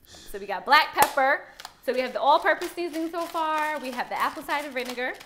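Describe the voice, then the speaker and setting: A woman's voice: high-pitched, expressive, fairly quick, noisy background. A young woman cooking in her home kitchen and walking her partner through a recipe with upbeat, teasing coaching. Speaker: host teaching cooking. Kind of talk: casual cooking instruction. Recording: music playing underneath. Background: background music.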